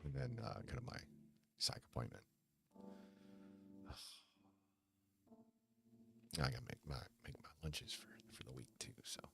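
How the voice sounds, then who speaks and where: A man hosting a casual livestream chat, rambling and hesitant, with many restarts, sighs and quiet mumbles. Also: extremely low pitch, unhurried, vocal fry, pauses often, soft background music. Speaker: livestream host.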